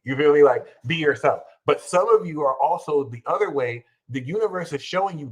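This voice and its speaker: An American man hosting an astrology livestream, talking in an emphatic, slangy way and breaking into loud, heated rants. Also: a little high, lively intonation, brisk, few pauses, breathy edge, low-quality recording. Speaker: astrologer and channel host. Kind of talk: animated livestream astrology talk.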